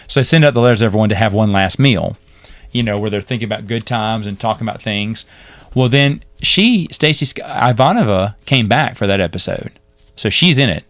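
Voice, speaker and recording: A man co-hosting a podcast, retelling TV episodes in a rambling, animated way with laughs. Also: on the low side, a little fast, no echo. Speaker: podcast co-host. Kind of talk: casual chat recapping a TV series.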